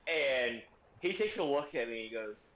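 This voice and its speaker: A young man streaming, telling a story in a casual, sarcastic and profane way, speeding up in quick bursts. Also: medium pitch, animated, fairly bright tone, lo-fi sound.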